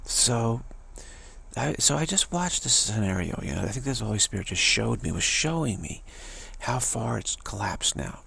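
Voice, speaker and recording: A man with a gravelly, husky voice giving a rambling spiritual monologue, often restarting phrases and mocking the voices of others. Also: medium pitch, lively intonation, moderate pace, sharp tone.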